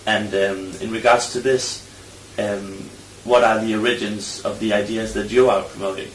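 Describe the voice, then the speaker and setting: A man's voice: on the low side, steady tone, normal speed, reverberant, far from the mic, slight background noise, low-quality recording. A man asking interview questions in a hesitant way with many fillers.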